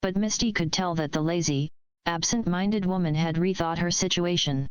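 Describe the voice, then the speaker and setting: A woman reading a fan fiction story aloud in a steady, measured way. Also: fairly low pitch, smooth, dry recording, highs cut off. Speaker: story reader. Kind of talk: fanfiction read aloud.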